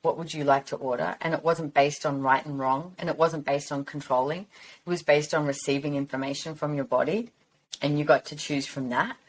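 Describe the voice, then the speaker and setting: A woman's voice: deep voice, steady tone, normal speed. A middle-aged woman from Australia hosting a podcast, talking in a chatty, rambling, encouraging way. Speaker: podcast host. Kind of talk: casual monologue.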